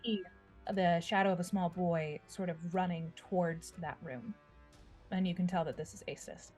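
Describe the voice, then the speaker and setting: Woman calmly narrating as game master. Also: fairly low pitch, normal speed, faint music behind.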